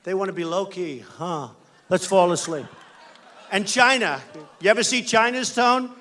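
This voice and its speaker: A man's voice: sits high, moderate pace, sharp tone, a little hiss or hum. An American man giving an emphatic, repetitive campaign rally speech as a political candidate on a stage microphone in a large indoor venue.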